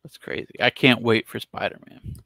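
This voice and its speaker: A man's voice: medium pitch, normal speed, creaky, sharp tone, no room sound. A man co-hosting a casual podcast, speaking in an earnest, thoughtful way. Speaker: podcast co-host. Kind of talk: casual chat.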